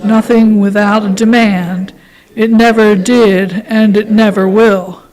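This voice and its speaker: A woman leading a church service, reading a passage aloud and then telling a children's story in a calm, measured way. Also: mid-range voice, poor audio. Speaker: worship leader.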